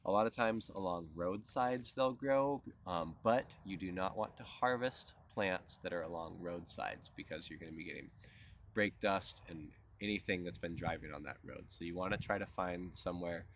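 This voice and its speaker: Easygoing low-voiced man teaching outdoors. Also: moderate pace, a bit bright, a little hiss or hum. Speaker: cultural tutorial presenter. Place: outdoors at a plant patch.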